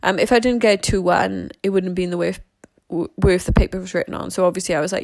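A woman's voice: on the low side, steady tone, fast talker, gravelly, darkish tone, no echo. A young woman tells her life story candidly and casually, rambling and swearing freely.

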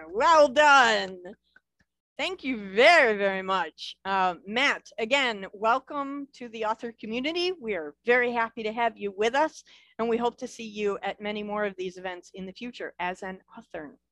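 A cheerful, encouraging woman hosts an online author event, her voice a little high. The sound is dry and close on a video call. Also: normal speed, fairly bright tone, no room sound. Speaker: event host. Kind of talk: upbeat event hosting.

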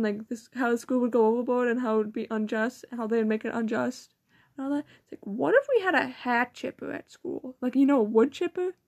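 A woman's voice: fairly high pitch, darkish tone. A teenage girl, rambling in casual chat about school and quoting people while she giggles. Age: teens. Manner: rambling, giggly, quotes people in mocking voices. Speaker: student vlogger.

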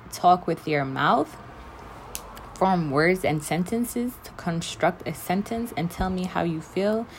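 A woman's voice: on the low side, creaky, a little hiss or hum. A young woman ranting bluntly and emphatically to the camera in a casual vlog. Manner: blunt, emphatic, talks straight to the listener. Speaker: vlogger.

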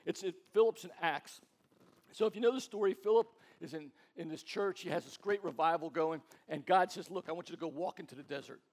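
A man's voice: a little high, brisk, a little mellow. A man preaching as a pastor in a casual, chatty way, telling stories and acting out quoted voices, often repeating words as he goes. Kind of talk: casual sermon storytelling.

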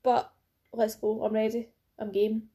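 Blunt Scottish woman, mellow voice. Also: a little high, flat delivery, measured pace. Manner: blunt, sweary banter. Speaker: podcast co-host. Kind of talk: casual chat.

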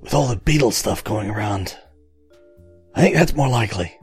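A man's voice: lowish voice, animated, normal speed, breathy edge, faint music behind. A brash, boisterous man playing in a casual tabletop role-playing game, laughing often. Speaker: player.

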